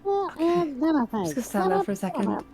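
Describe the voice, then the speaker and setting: Woman, tabletop player, casual, giggly, swears, lively pitch. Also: a little fast, crowd noise. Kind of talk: casual chat.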